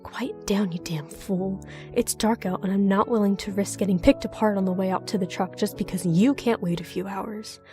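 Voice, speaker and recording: A woman's voice: mid-range voice, fairly even intonation, moderate pace, warm tone, soft background music, lightly acted. A woman voicing an older southern man, a recluse who speaks with a Southern accent in a stern, curt, ominous way. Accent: American Southern.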